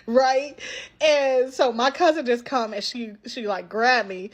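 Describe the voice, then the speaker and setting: A young adult woman telling a personal story in a casual vlog, animated and chatty, acting out quotes and often asking "right?". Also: a little high, normal speed.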